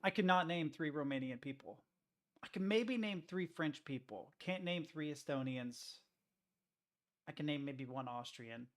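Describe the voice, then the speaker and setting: A man from the U.S. talks unhurriedly in a fairly high voice, bantering casually with his live-stream chat. He jokes, laughs often and rambles, repeatedly interrupting himself.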